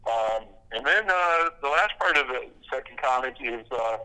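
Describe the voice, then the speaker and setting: A man chats casually as a podcast guest, his voice bright and pushed forward. He strings stories together with plenty of fillers and false starts, chuckling at his own jokes. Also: medium pitch, lively intonation, moderate pace, clean tone, rough recording. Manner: rambling storyteller, many fillers and restarts, laughs at own jokes. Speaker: podcast guest, comic creator. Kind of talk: casual interview talk.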